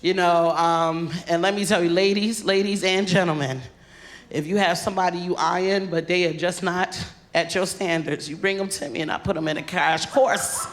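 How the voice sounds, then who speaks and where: A woman comedian doing a stand-up set on stage into a handheld mic, animated and laughing through her punchlines. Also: lowish voice, moderate pace.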